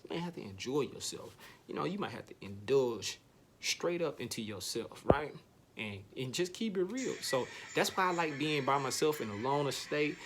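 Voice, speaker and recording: A man vlogging a casual motivational monologue, slangy and repetitive, sometimes jumping up into a higher, animated voice. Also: moderate pace, a little hiss or hum.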